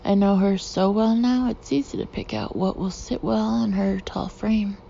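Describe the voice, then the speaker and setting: A woman narrating a first-person audiobook expressively, slipping into soft breathy asides. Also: medium pitch, fairly even intonation, moderate pace, muffled recording, slight background noise.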